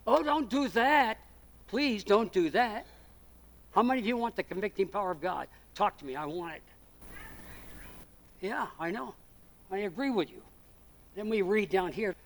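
A male pastor preaching a sermon, calling out questions to the congregation and swinging between loud and soft. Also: sits high, rough recording. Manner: preachy, rises and drops in volume, asks the congregation questions.

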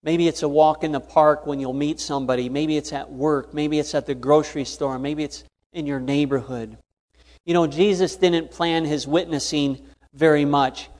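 A man's voice: a little high, fairly even intonation, moderate pace, a little mellow. A man preaching a sermon, earnest and fond of repeated emphasis. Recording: long hall reverb.

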